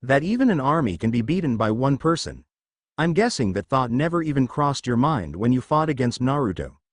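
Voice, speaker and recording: Brief: man doing a defiant young warrior, blunt and serious, expressive pitch, dry sound. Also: brisk, dry recording.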